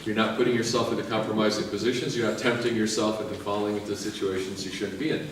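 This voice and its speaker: A male priest preaching a sermon, lively and joking as he urges the listeners on. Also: lowish voice, fast talker, hardly any pauses, slight background noise. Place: large church. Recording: echoey church from far off.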